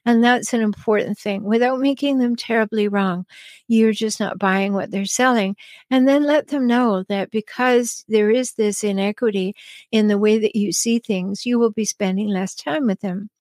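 A woman hosting an advice podcast, answering listener questions in a calm, chatty way with frequent ums and small laughs. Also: mid-range voice, moderate pace, no echo. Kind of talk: advice talk show.

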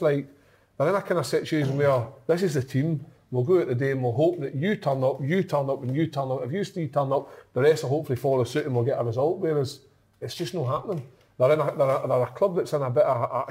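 A Scottish man chatting about football, often halting and repeating his words. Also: a little high, a little mellow, husky. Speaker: podcast pundit. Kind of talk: casual football chat.

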